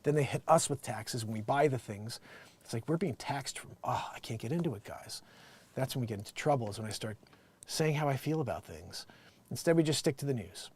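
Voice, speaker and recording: Rambling host from New Jersey. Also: male voice, mid-range voice, fairly quick, slightly rough. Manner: rambling, many restarts, animated swings. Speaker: show host. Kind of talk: casual commentary.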